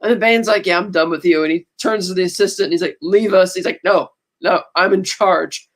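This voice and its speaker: A woman's voice: on the low side, brisk. Podcast lady chatting thru a movie recap, offhand quotes, easygoing. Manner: retells a film plot, breezily quoting characters. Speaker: podcast co-host. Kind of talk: casual chat.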